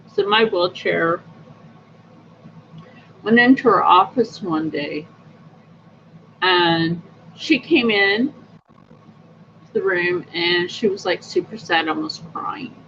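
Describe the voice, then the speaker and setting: A woman's voice: on the low side, slow, pauses often, fairly bright tone. A woman hosting a casual livestream, telling personal stories in a chatty, upbeat, rambling way with many fillers. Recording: dull lo-fi audio with faint noise.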